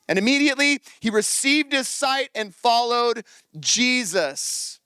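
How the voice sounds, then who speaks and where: A pastor preaching a lively sermon to his congregation, reading scripture aloud and acting out the story. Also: high voice, a little slow, clean tone, no echo. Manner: animated, energetic preaching to a congregation. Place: church service.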